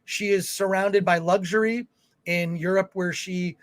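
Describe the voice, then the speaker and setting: A man's voice: sits high, steady tone, unhurried, no echo. A man co-hosting a film review livestream, reading viewer comments aloud in casual chat with fillers and restarts. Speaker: film review show co-host.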